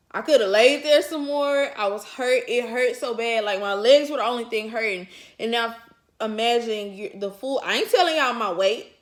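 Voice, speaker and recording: A woman's voice: a little high, normal speed. A woman vlogger telling a personal story to her viewers in casual, colloquial chat, chuckling often as she talks. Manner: talks straight to the audience.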